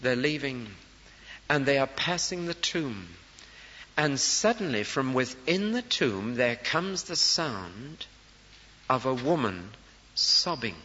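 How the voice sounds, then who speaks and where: A man preaching a sermon, telling a story dramatically and rising to loud, emphatic peaks. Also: mid-range voice, big pitch swings, slow pace, long reverb tail, dull audio, a little hiss or hum.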